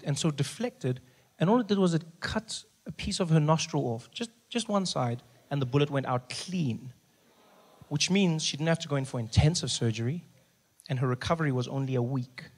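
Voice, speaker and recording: A stand-up comedian telling a story in a punchy, deadpan way. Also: male voice, fairly high pitch, slightly rough. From South Africa.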